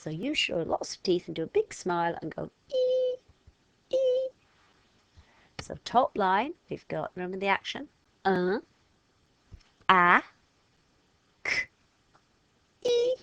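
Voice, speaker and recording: Slow, gravelly-voiced woman teacher. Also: fairly low pitch, fairly bright tone, dry recording, rough recording. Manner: patient, demonstrates sounds with actions. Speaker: language teacher. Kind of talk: step-by-step lesson for children.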